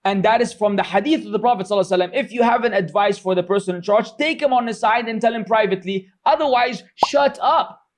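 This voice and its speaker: A strikingly high-voiced middle-aged man gives an informal religious lecture. He scolds and mocks, and his delivery is loose and chatty, full of fillers. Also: racing, few pauses, slight background noise. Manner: sarcastic, scolding, mocks critics in quoted voices. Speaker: religious teacher.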